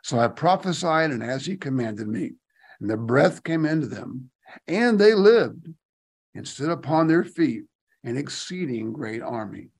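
A Bible teacher leads a study in an expressive mid-range voice with a breathy edge, at normal speed. He reads scripture aloud, adds casual asides, and rises emphatically on key phrases.

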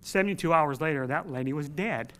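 Earnest man preaching, fairly high voice. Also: a little fast, fairly bright tone. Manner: earnest, emphatic, storytelling with rising emphasis. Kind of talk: sermon.

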